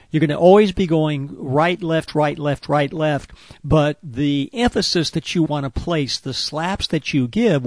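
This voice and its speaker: A man's voice: on the high side, darkish tone, no room sound, studio quality. A man patiently explaining a rhythm and movement exercise step by step, with the odd filler. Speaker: wellness instructor.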